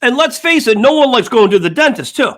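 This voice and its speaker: An older American man co-hosts a casual sports talk podcast in an extremely high-pitched, expressive voice that's fairly quick and a bit bright. He tells rambling stories in casual chat, acting out the dialogue he quotes.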